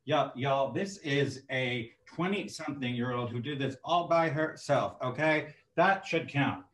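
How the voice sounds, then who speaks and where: A man's voice: mid-range voice, unhurried, fairly bright tone. Male host, playful and chatty, mid-range voice, roomy call audio. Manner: chatty, jokey, hums to himself. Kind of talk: casual, playful hosting over video call. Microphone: video call.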